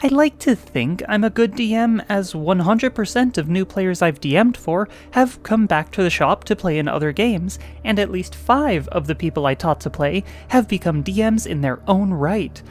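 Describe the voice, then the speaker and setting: A woman hosting and narrating online role-playing stories, expressive, with playful asides. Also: medium pitch, normal speed, few pauses, soft background music. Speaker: host and narrator.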